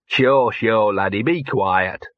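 A man's voice: mid-range voice, lively intonation, a little slow, dry recording, phone-quality sound. A man voicing a grumbling, cynical old mongrel dog. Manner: grumbling, sardonic, rough-spoken.

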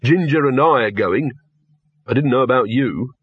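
A man voicing a thoughtful, earnest young man in an audiobook. His husky voice sits just above the narrator's, earnest and questioning, on a dull, dry recording. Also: mid-range voice, lively intonation, normal speed, dry recording.

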